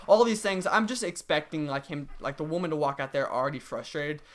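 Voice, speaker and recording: A man's voice: a little high, brisk. A man in his twenties casually telling a story time, rambling with lots of "like". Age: 20s. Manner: rambling, heavy use of "like". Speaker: gaming vlogger.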